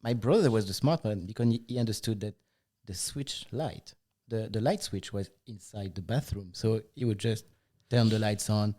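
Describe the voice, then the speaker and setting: A man's voice: on the low side, normal speed, mellow. A man who owns a business, a guest in a casual conversation, talking in an easygoing way.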